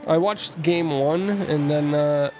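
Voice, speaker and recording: A man's voice: on the high side, slow, over music. A man streaming a video game, talking to his chat in a rambling, joking way with casual asides. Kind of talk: casual live-stream commentary.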